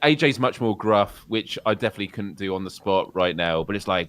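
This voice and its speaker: A man's voice: lowish voice, animated, fast talker, hardly any pauses, a bit bright, clean tone, no echo. A British man co-hosting a gaming podcast, joking and laughing often in casual chat. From United Kingdom. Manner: jokey, laughs often, chatty. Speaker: podcast co-host.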